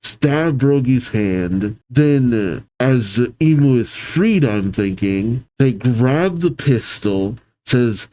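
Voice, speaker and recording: Animated man reacting to manga, dark tone. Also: mid-range voice, takes it slowly, rough recording. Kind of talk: reading manga aloud with reactions.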